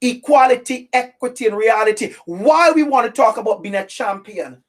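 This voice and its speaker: A woman's voice: a little high, lively intonation, moderate pace. Emphatic woman giving an impassioned talk. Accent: non-native English accent. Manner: emphatic, direct, repeats phrases for stress. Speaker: anti-racism educator giving a webinar talk.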